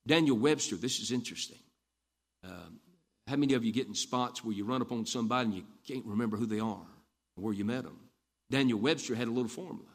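A man's voice: medium pitch, fast. A man preaching a folksy sermon, telling stories and repeating lines for emphasis. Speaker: Baptist preacher.

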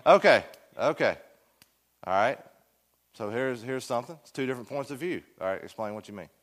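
A man teaches a Sunday school class in a church classroom. His voice sits at a middle pitch. He talks in a folksy, joking way and keeps putting questions to the room. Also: expressive, fairly quick.

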